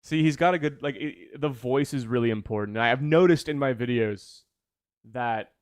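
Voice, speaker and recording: Fast, rambly Canadian man. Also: mid-range voice, clear, resonant tone, dry recording, studio quality. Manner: fast, rambling, swears casually. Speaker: video creator. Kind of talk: casual commentary on a clip.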